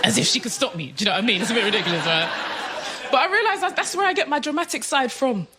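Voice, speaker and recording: A woman of Jamaican heritage performing a stand-up comedy set, animated and laughing through her lines. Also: a little high, racing, crowd noise. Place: comedy club stage. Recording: live club recording with clear noise.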